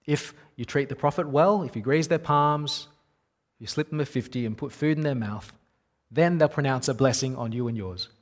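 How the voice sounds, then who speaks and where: A man's voice: mid-range voice, normal speed. A man in his thirties preaching a sermon in a conversational, wry storytelling manner.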